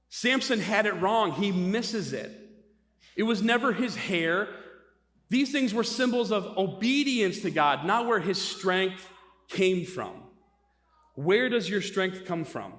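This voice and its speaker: Animated high-voiced male preacher. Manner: animated storyteller, rhetorical questions. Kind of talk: sermon. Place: church. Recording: long church hall reverb.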